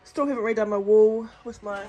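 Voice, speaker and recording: A woman's voice: medium pitch, fairly quick, mellow, lo-fi sound. A woman from New chatting casually and playfully on a shop vlog. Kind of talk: casual chat. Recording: faint background noise.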